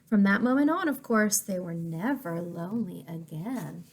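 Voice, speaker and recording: A woman reading a picture book aloud to children, pausing to ask questions and explain words. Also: on the low side, breathy edge. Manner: expressive, asks listeners questions, explains words. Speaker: story reader for children.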